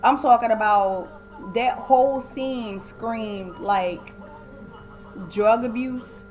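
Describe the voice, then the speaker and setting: A woman's voice: fairly high pitch, slow, darkish tone, soft background music, poor audio. A woman giving a casual, blunt and opinionated recap of a TV episode, often acting out the quoted lines. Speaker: TV recap vlogger.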